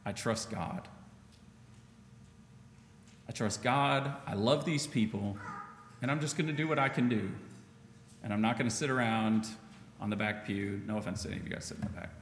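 Male pastor, animated conversational sermon, echoey sanctuary with long reverb. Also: lowish voice, quick pace, a little hiss or hum. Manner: conversational, animated preaching with acted-out quotes. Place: church sanctuary. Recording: echoey church hall, faint ambience.

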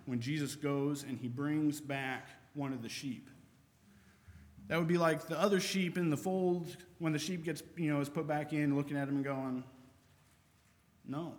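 Conversational preacher, higher-pitched man. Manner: conversational, reads scripture aloud. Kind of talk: sermon. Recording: long reverb of a large hall.

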